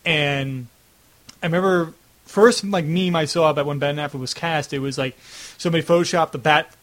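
Chatty young man, fairly high voice. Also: normal speed, a bit bright. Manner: rambling, heavy use of "like", acts out reactions. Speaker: host. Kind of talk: casual video-call chat. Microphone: video call.

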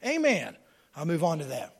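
A middle-aged male pastor preaching a sermon with animated delivery, acting out voices and swinging between loud and hushed. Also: a little high, moderate pace, vocal fry, slightly rough.

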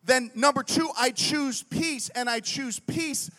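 High-voiced man preaching animatedly. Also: takes it slowly. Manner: animated, conversational, keeps asking "right?". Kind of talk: sermon with storytelling.

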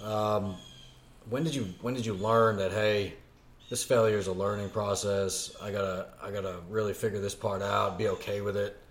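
A man hosting a podcast interview, asking questions haltingly with many ums and restarts. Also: on the low side, steady tone, echoey room, a little hiss or hum. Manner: hesitant, restarts phrases with many "um"s. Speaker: podcast host. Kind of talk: casual interview.

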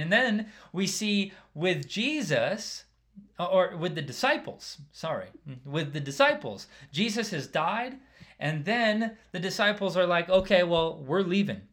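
A man's voice: high voice, sing-song, a little slow. A man preaching a casual sermon, talking conversationally and checking in with the listeners by asking "right?" again and again. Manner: conversational, keeps asking "right?", drops quieter for asides.

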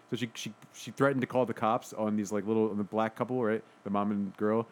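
Fast-talking, low-voiced man chatting. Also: level tone. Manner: rambling with many fillers. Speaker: podcast co-host. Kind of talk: casual chat.

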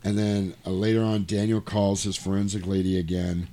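A man with a lowish voice recapping a movie in loose, rambling conversation. He strings the plot together with casual profanity and wisecracks. The tone is relaxed and chatty throughout. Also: normal speed. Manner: rambling, profane, jokey storytelling.

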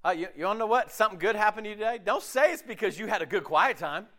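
Male preacher, sermon delivery, slightly high voice with big pitch swings, animated. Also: racing. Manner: animated, acts out quoted voices, swings loud and quiet.

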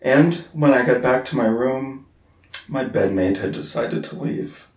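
A man co-hosting a podcast, telling a story in casual chat, halting and repeating words, laughing at himself. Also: mid-range voice, a little mellow, roomy sound. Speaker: podcast co-host.

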